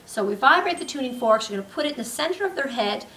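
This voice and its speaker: A woman teaching a clinical skills demonstration, explaining step by step with frequent pauses and fillers. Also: high-pitched, expressive, bright, forceful tone, a little hiss or hum. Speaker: nursing instructor. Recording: roomy, distant mic with faint ambience.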